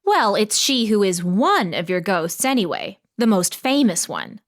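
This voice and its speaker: For this audiobook, a woman takes on the role of a gossipy, dramatic small-town woman with a coy streak. She uses a medium pitch with big swings in intonation and keeps a measured pace.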